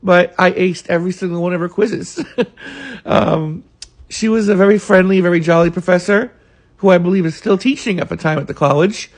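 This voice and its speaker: A man's voice: high voice, moderate pace. A man, earnestly recalling college days in a rambling monologue full of fillers. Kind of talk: casual reminiscing monologue.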